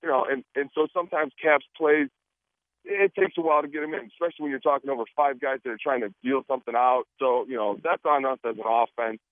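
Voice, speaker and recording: Over a tinny phone line, a football player talks fast in a relaxed radio interview, full of jokes and animated impressions of what people said. His pitch is medium and the recording is dry.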